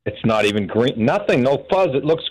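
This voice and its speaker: A man's voice: medium pitch, animated, fairly quick, low-quality recording. A man from New Hampshire calling in to a radio show and telling a rambling, chuckling story. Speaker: caller. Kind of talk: phone-in caller telling a story.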